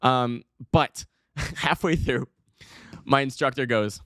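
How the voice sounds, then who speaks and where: A man's voice: medium pitch, slow, fairly bright tone, dry recording. Young guy rambling on his podcast, jokey and self-mocking, dry close mic sound. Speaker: podcast host. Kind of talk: casual solo podcast storytelling.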